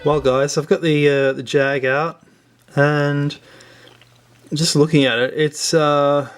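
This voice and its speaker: A man's voice: on the high side, level tone, slow, clean tone, faint music behind. A man hosting a casual watch review vlog, rambling along with many fillers and restarts. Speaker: watch reviewer, channel host.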